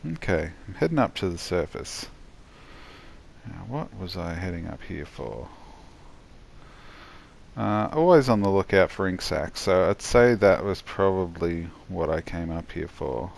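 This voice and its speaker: A tired man giving a rambling, halting voice-over commentary on his own gameplay, yawning as he goes. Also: sits low, expressive, vocal fry. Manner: rambling, halting, many restarts and fillers.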